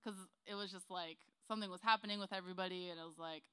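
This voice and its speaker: A woman's voice: fairly low pitch, steady tone, racing, sharp tone, clear, resonant tone. A woman sharing a casual testimony with her group, chatty and giggly, full of "like" fillers.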